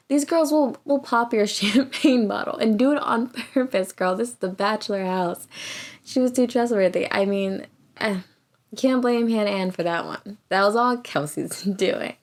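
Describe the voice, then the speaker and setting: A woman recapping a reality show in a casual, chatty way, laughing often and acting out what people said. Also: mid-range voice. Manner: animated, laughs often, acts out quotes.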